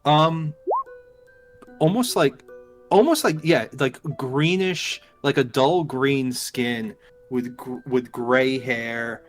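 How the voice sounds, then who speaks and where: A man's voice: medium pitch, slow, faint music behind. A man narrating as game master in a live tabletop game, in a loose, filler-heavy way.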